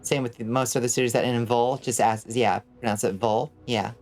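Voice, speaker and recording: A woman's voice: a bass voice, fairly even intonation, a little fast, darkish tone, faint music behind. A woman from Georgia with a Southern accent, chatting casually with her stream chat while gaming. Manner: chatty, answers chat aloud, plays with pronunciations. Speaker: vtuber streamer.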